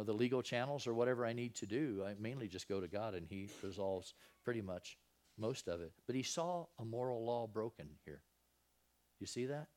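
Folksy man preaching casually. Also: medium pitch. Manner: conversational, peppered with rhetorical questions; folksy, repeats and restarts phrases. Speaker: Christian preacher. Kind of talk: casual Bible teaching.

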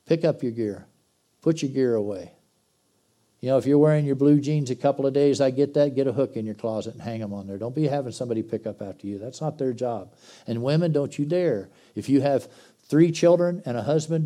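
Man, middle-aged, pastor, sermon, folksy and blunt, loud exhortation then quiet intensity, warm mellow tone. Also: medium pitch.

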